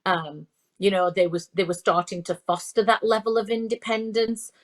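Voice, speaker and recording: A woman's voice: medium pitch, little pitch movement, normal speed. A woman in her fifties, a parenting expert, speaking in a conversational interview, full of restarts and fillers. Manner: repeats herself, frequent restarts and fillers.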